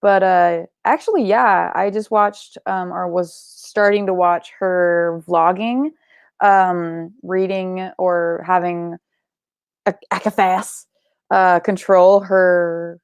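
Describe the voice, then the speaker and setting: A woman's voice: on the low side, gravelly, smooth, no echo. A young woman hosting a live book club stream, chatting casually and rambling, sleepy and yawning, with offhand swearing.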